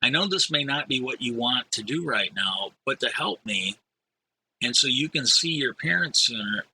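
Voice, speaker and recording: A man reading as a calm, insistent doctor. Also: mid-range voice, normal speed, slight background noise, rough recording.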